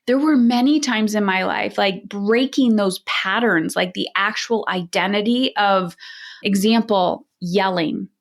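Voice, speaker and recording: A woman's voice: mid-range voice, measured pace. A woman parenting coach speaks in a podcast interview with a mid-range voice. She talks straight and emphatically, in the way of someone used to telling people hard truths.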